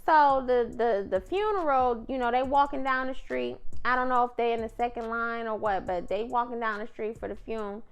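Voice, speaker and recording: A woman's voice: fairly high pitch, a little fast, hardly any pauses, clear, resonant tone. A woman casually recapping a TV episode in a chatty, slangy way, often calling her viewer "girl". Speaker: TV recap vlogger.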